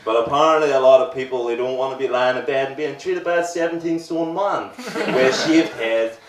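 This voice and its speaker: A man's voice: medium pitch, fairly quick, slight background noise. A Northern Irish man in his twenties doing a stand-up set, crude and self-mocking, with rambling asides. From Northern Ireland. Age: 20s. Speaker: stand-up comedian. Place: comedy venue with a live audience. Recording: roomy live audio, distant mic, crowd laughter. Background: audience laughter.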